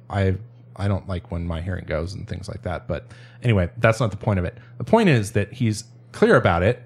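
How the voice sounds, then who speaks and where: On a casual podcast, a storyteller guest with a lowish voice relates a story, rambling, starting sentences over, and laughing often.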